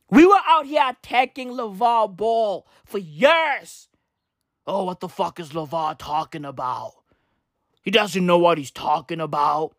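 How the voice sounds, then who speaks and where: A woman's voice: a little high, dry recording, clean studio sound. A woman delivering a comedic sports rant in slangy, profane, repetitive street talk.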